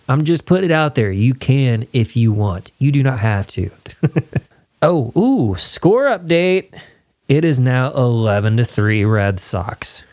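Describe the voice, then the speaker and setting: A man's voice: lowish voice, a little mellow, no echo. A man hosting his own podcast, talking in an earnest, rambling, chatty way with a studio microphone. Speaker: podcast host. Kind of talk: casual solo intro then interview. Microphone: studio microphone with headphones.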